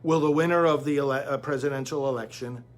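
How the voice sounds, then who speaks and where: A man's voice: mid-range voice, steady tone, fast. A man giving emphatic political commentary, insistent and urgent, calling his listeners friends.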